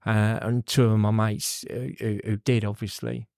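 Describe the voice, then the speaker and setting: A man's voice: fairly low pitch, little pitch movement, normal speed, a little mellow, clean tone, dry recording, clean studio sound. Candid man telling his story. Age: middle-aged. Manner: rambling, swears, many fillers and restarts. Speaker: podcast guest.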